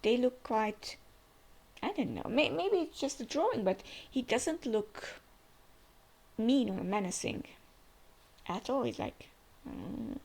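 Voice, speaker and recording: Sex: woman. Role: manga reaction host. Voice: gravelly with vocal fry, lively intonation. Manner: chatty, musing, hesitant. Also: fairly high pitch. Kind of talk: casual manga reaction commentary.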